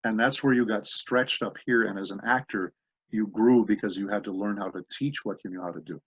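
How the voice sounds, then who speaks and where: Husky-voiced man telling stories. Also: fairly low pitch, fairly quick, dry recording. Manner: rambling anecdotal storytelling with asides. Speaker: voice actor guest. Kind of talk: interview conversation. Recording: dull dry lo-fi audio.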